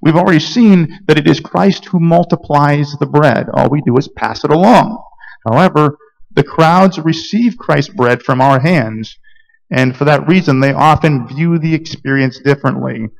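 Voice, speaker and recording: A pastor from Georgia preaching a sermon, telling stories earnestly with frequent fillers and restarts. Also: male voice, fairly high pitch, normal speed, creaky, low-quality recording.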